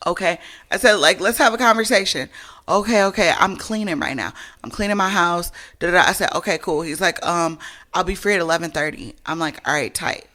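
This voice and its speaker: Woman on a podcast, bright sharp voice, cussing, acting out who said what. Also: lowish voice, a little fast. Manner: blunt, profane, reenacts both sides of conversations. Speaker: podcast co-host. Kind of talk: casual storytelling chat.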